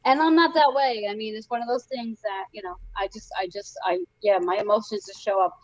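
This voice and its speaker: A woman's voice: medium pitch, fairly quick, dry recording, dull audio. A woman co-hosting a casual chat show, telling stories animatedly and quoting herself. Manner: animated storyteller, quotes herself. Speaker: podcast co-host.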